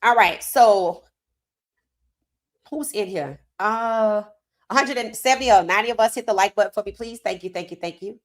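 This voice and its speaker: A woman's voice: medium pitch, moderate pace. Woman hosting a live sports stream. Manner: animated, talks straight to chat, reads comments aloud. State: losing her voice. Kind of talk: casual live-stream commentary.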